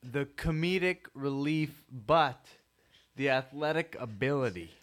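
A man's voice: mid-range voice, lively intonation, measured pace, a bit bright. Earnest man talking emphatically. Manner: earnest, emphatic, repeats himself. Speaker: podcast co-host. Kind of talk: casual chat.

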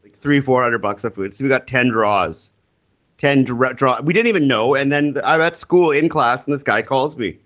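A man who is a teacher, telling a story in casual chat, animated and acting out the people he quotes. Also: medium pitch, moderate pace, lo-fi sound.

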